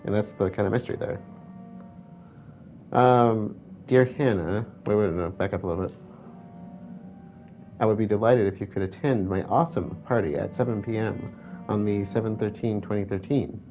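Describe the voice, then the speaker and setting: A man's voice: lowish voice, moderate pace, long pauses, soft background music. A man chatting casually while playing a horror video game, reading game text aloud and correcting himself as he goes. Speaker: gameplay commentator. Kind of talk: let's play commentary. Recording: dull lo-fi with faint hiss.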